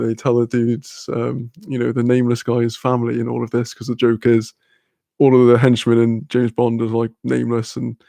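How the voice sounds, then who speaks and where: A British man rambles through a casual live-stream chat, swearing freely and laughing often as he reads viewer comments. His voice has a gravelly fry and sits at an ordinary pitch. The sound is dry and close, with no room echo. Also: mellow.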